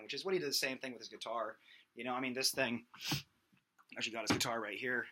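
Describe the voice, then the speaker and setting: Speaking quickly at a medium pitch, a young male vocal instructor runs a laid-back singing lesson. He rambles with plenty of fillers and breaks out into loud singing to demonstrate.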